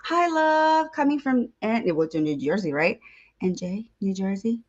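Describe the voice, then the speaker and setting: A woman hosting a lively livestream chat, energetic and playful, greeting viewers. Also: mid-range voice, moderate pace, breathy edge, dull audio. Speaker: host.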